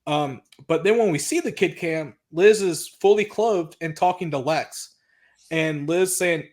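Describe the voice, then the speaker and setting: Male podcast co-host, casual and exasperated, swears a lot, voice a bit on the high side. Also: measured pace. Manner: blunt, profane, exasperated recapping. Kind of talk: casual chat recapping wrestling.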